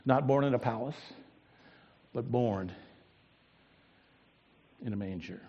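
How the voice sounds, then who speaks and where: A man preaching a sermon as pastor, swinging from booming emphasis to hushed, drawn-out words. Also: breathy edge, muffled recording. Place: church sanctuary. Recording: long hall reverb.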